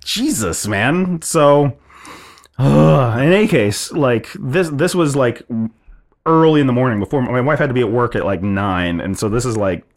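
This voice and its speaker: A man's voice: mid-range voice, moderate pace. Rambling man telling a story. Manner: rambling, animated retelling with many restarts and "like". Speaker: podcast co-host. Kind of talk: casual storytelling chat.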